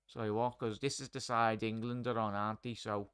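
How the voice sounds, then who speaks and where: A man's voice: lowish voice, little pitch movement, fairly quick, a bit bright, clean tone. A man hosting a live football watchalong, chatting with viewers as he calls the play. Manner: chatty, addresses chat and viewers by name. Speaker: watchalong host.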